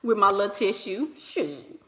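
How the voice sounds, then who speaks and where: A woman's voice: mid-range voice, big pitch swings, moderate pace. A woman, chatting casually and animatedly to viewers, slangy and laughing often. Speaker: online business coach and vlogger.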